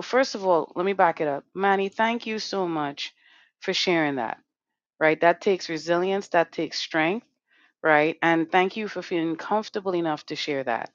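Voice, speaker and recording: A woman's voice: on the low side, dry recording, dull audio. A woman hosting a live online talk show who speaks emphatically, swears freely and keeps asking "right?". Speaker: host.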